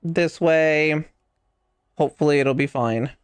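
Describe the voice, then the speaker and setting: A man's voice: fairly high pitch, slow, clean tone, no room sound. A man streaming a game, chatting casually in a playful, teasing and boastful way. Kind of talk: casual gaming chat.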